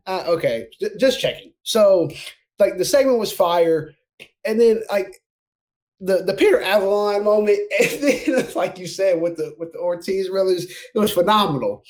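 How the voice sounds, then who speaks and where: A man co-hosting a casual chat speaks in an easygoing, chatty way. He laughs often and fills in with "like". His voice sits high for a man. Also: lively intonation, moderate pace, darkish tone. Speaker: podcast co-host.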